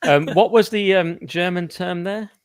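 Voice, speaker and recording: A man's voice: sits high, unhurried, clean tone, dry recording, studio quality. A tired young man hosting a casual live stream, jokey and self-deprecating. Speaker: livestream host.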